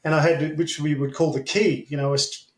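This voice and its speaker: A man's voice: on the high side, level tone, a little fast. Australian man telling rambling stories. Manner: rambling, filler-heavy, blunt and swearing. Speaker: interview guest. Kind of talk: casual storytelling. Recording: echoey room.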